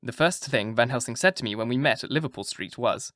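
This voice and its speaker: A man hosting and narrating an audiobook, with a relaxed, joking intro and then a steady, clear reading. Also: medium pitch, quick pace, dry recording, clean studio sound. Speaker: audiobook narrator and channel host.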